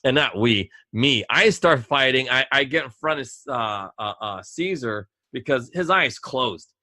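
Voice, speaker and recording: Bright-voiced man telling a rambling story. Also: mid-range voice, measured pace. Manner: rambling, animated, acts out voices in quotes. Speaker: podcast host. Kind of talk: casual storytelling.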